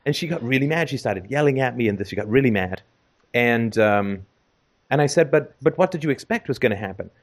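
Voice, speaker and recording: A man's voice: medium pitch, animated, a little fast. A middle-aged man from Canada telling a long casual anecdote, rambling with many fillers and restarts. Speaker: storyteller in conversation.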